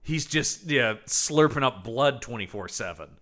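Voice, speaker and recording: A man from the Pacific Northwest co-hosts a casual movie podcast in a bright, forceful voice. His pitch swings widely as he jokes. He speaks in animated bursts. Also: unhurried. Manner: animated, jokey, lots of fillers and laughs. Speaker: podcast co-host. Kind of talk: casual film-review chat.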